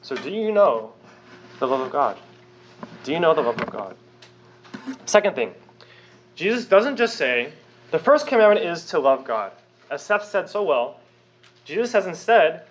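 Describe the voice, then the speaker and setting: A man's voice: on the high side, big pitch swings, moderate pace, pauses often. A young man preaching a sermon, emphatic and conversational, with frequent rhetorical questions. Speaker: pastor.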